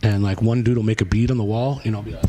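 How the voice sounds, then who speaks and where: A hardcore singer guesting on a podcast tells a long story in a lowish, fast voice, swearing freely and acting out what people said. He's animated and profane throughout, and the recording is very noisy.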